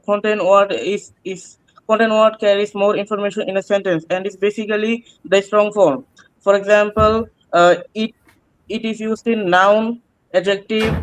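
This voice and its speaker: A man answering oral exam questions, halting and hesitant with many pauses and restarts. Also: sits high, clean tone, dry recording, rough recording. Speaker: student taking an oral exam.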